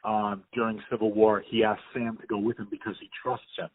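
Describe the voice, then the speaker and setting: This podcast host talks by phone, sounding tinny, with a fairly low, level voice at a slightly quick pace and no echo. He's casual and enthusiastic, rambling and often restarting.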